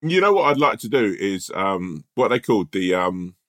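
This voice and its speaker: A man's voice: on the low side, big pitch swings, moderate pace, a bit bright. A man co-hosting a comedy podcast, rambling and swearing as he spins a story. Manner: rambling, swears, laughs often. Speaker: podcast co-host. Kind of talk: casual comedy chat.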